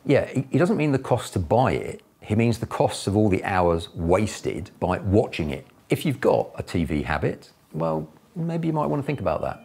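A man's voice: lowish voice, very animated, moderate pace, gravelly, hardly any pauses, darkish tone, husky. A man, a business mentor, giving chatty, enthusiastic advice to camera. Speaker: property investor and business mentor.

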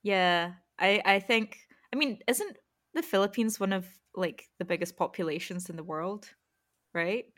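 A woman's voice: medium pitch, unhurried, a bit bright. A young woman with a Scottish accent hosting a casual podcast chat, asking questions and laughing easily. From Scotland. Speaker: podcast host.

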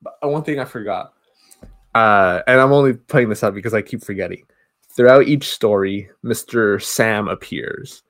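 A man's voice: fairly low pitch, a bit bright, dry recording. A man co-hosting a podcast, casually retelling a movie plot in a rambling way. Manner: rambling retelling with quick acted quotes. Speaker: podcast co-host. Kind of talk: casual movie recap chat.

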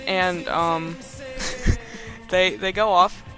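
With the movie's soundtrack faintly in the background, a man with a high, sharp voice and drawn-out words casually recaps the film on his podcast. He rambles and chats, laughing frequently.

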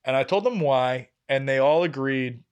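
A man's voice: mid-range voice, moderate pace, clear, resonant tone, lo-fi sound. A young man, a podcast co-host, telling a story in casual chat, acting out what others said and swearing freely. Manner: animated, acts out quoted voices, laughs and swears freely.

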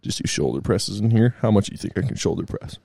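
A man's voice: on the low side, lively intonation, fast, gravelly, mellow, slightly rough, dry recording, clean studio sound. A man co-hosting a casual talk show, laughing often and teasing his friends. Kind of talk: crude casual banter.

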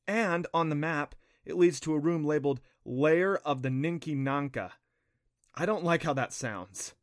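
A man's voice: a little high, measured pace, dry recording, studio quality, pitched above the performer's own voice, lightly acted. A man voicing an anxious, frustrated young girl adventurer in a storybook, with a worried, fretful delivery.

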